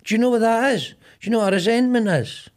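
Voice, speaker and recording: A man's voice: very high-pitched, fast talker. A middle-aged man with a Glaswegian Scottish accent hosting a podcast, telling rambling, sweary stories and acting out both sides of arguments. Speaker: podcast host. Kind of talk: casual comedic chat.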